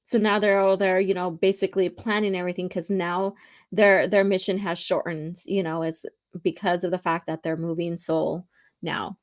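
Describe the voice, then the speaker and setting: This woman hosts a laid-back podcast and reads comics aloud along the way, chatting freely and dropping in plenty of fillers like "you know" and "um." Her voice runs low with a level tone at an ordinary speed.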